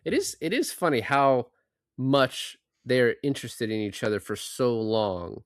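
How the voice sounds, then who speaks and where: A man in an easygoing podcast chat, talking at a middle pitch. He retells film scenes and slips into the characters' lines. The mic is close and dry, with no room echo. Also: lively intonation, a little slow. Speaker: podcast co-host.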